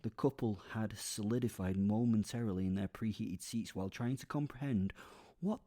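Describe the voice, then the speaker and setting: A man's voice: lowish voice, moderate pace, warm tone. A man narrating a darkly comic serial story, sardonic, with rambling asides and self-corrections. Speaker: narrator and lead character.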